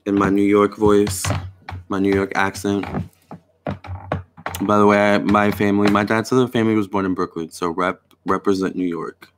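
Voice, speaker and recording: A man's voice: lowish voice, flat delivery, moderate pace, slight background noise. A young man hosting a live tarot and astrology stream, chatting casually with viewers and answering their comments. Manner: chatty, reads viewer comments aloud, repeats "all right" and "you guys". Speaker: tarot reader and astrologer host.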